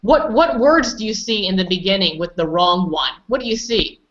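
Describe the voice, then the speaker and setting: A woman's voice: mid-range voice, expressive, moderate pace, a bit bright, muffled recording. A woman teaching English pronunciation, patiently correcting students and calling on them by name. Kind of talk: online pronunciation lesson.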